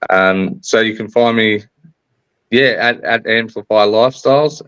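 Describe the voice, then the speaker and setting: An Australian man, a podcast guest on a recorded online call, shares motivational messages in an earnest, upbeat manner during casual interview talk. His lowish voice is measured and fairly bright with a clean tone and no room sound, but the call audio is dull and lo-fi.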